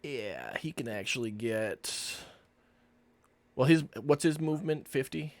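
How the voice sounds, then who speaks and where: A man acting as game master on a live-streamed tabletop game, calling out rulings in an unhurried, matter-of-fact way with easy laughs, heard over an online voice call. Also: mid-range voice, lively intonation, dry recording.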